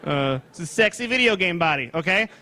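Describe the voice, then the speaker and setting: A man doing a loud, excitable, self-mocking stand-up comedy set on stage before a live audience. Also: sits high, fairly quick.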